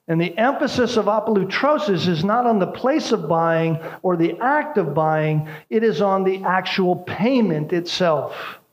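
A man's voice: high voice, rough recording. A man preaching a sermon, explaining a word by repeating key phrases and asking "right?" to his listeners. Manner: emphatic teaching, repeats key phrases with tag questions. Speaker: pastor.

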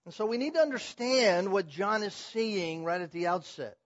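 A man preaching an expository sermon, dropping to hushed, low emphasis and then rising to loud proclamation. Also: expressive, moderate pace, dry recording, muffled recording.

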